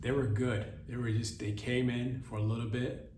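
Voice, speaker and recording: A man hosting a podcast, riffing through a deadpan comedic monologue that mimics a mock sales pitch. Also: normal speed, noisy background. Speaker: podcast host. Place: podcast studio. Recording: roomy echo, voice far from the mic.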